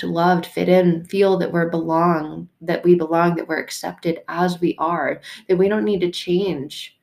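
A woman's voice: lowish voice, gravelly, a little mellow. A woman hosting a faith podcast, talking frankly and from the heart, swearing casually in a conversational way. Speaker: podcast host. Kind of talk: candid faith podcast talk.

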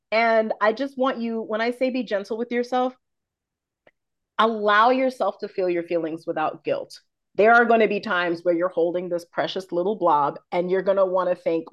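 A woman's voice: a little high, moderate pace, dull audio. A woman in her forties, a confidence coach and podcast guest, talking frankly and expressively in casual conversation, swearing freely.

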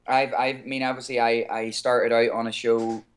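A man's voice: medium pitch, moderate pace. Irish man, easygoing guest singer. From Ireland. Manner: relaxed, laughs often, many fillers. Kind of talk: casual interview chat. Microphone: phone call.

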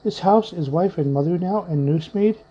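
A man's voice: sits high, fairly quick, dark tone, slightly rough, pitched above the performer's own voice. A man voicing an anxious, frightened wife in a read-aloud story, speaking in a pleading manner. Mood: distraught. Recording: muffled lo-fi with faint music.

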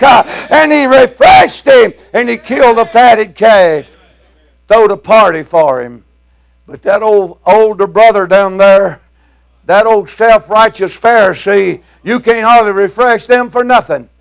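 An older male preacher with a very high, gravelly voice delivers a fiery sermon. He shouts in a rolling preaching cadence, folksy and plain-spoken, with "uh" fillers between phrases. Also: lively intonation, a little slow.

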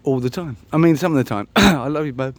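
A solo podcast host meanders aloud, mocking himself and stumbling through ums and restarts. He speaks quickly in a voice on the high side, with no echo in the recording.

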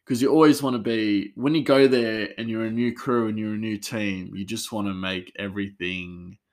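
A man's voice: lowish voice, fairly even intonation, moderate pace. A man, a chef, telling work stories in a rambling casual way with many fillers and restarts. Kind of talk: casual storytelling.

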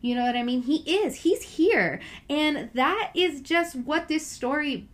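A woman's voice: sits high, expressive, measured pace. A woman giving a casual, earnest Bible reflection, chatty and full of filler words. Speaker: Bible study speaker.

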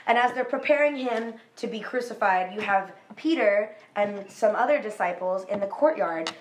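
A young woman casually retelling a story in animated slang, full of "like", recorded in an echoey room with clear background noise. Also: medium pitch, moderate pace. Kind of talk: casual chat.

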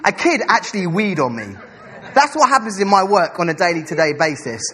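A young man preaching a sermon, telling a story with animated, acted-out dialogue. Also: high voice, a little fast.

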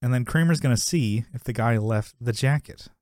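A man's voice: mid-range voice, normal speed, darkish tone, dry recording, clean studio sound. Rambling laughing male podcast host. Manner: rambling, laughs often, acts out quotes. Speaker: podcast co-host recapping a sitcom episode. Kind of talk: casual chat.

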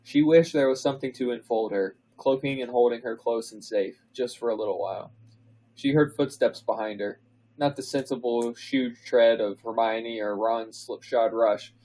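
A man co-hosting a podcast, reading fan fiction aloud in a comedic dramatic reading, pausing for laughs and asides. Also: medium pitch, fairly even intonation, dark tone, rough recording. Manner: reads slowly, breaks into laughs and asides.

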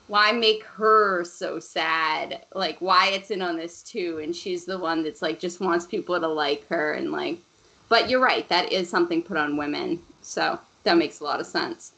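Woman, 30s, podcast co-host; bright, chatty, casual swearing, laughs easily. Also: medium pitch, poor audio. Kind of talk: casual chat recapping a movie.

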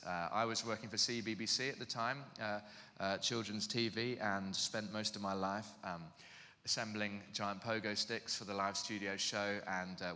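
A man preaching in an animated, self-mocking storytelling way, heard in a reverberant hall. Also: on the low side. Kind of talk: storytelling sermon.

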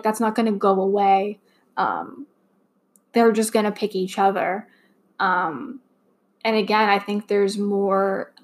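Rambling young woman podcaster, heartfelt. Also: medium pitch. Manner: rambling, heartfelt, many fillers and restarts. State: slightly choked up. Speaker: podcast host. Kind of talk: casual fan podcast monologue.

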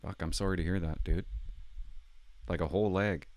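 An older man hosting his own video channel, talking casually in a rambling, self-conscious, halting way. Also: sits low, fairly even intonation, darkish tone, dry recording. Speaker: channel host. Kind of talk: casual vlog chat.

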